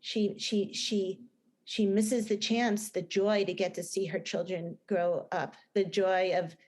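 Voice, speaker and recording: A woman's voice: mid-range voice, little pitch movement, slow pace, darkish tone. A middle-aged woman with a New Jersey accent, a guest in a casual podcast interview, talking earnestly and rambling with many restarts. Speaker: guest, film director and writer.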